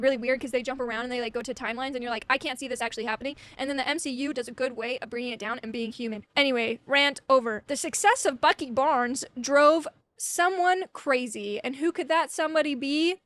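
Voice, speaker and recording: A woman's voice: high voice, fairly bright tone, no room sound. A woman hosting a casual comic-book history video, rambling and irreverent and swearing freely.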